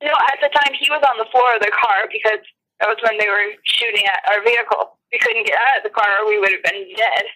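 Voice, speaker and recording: Shaken, bright-voiced woman eyewitness. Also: mid-range voice, fairly even intonation, poor audio. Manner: shaken, breathless, halting speech with many restarts. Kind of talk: phone interview.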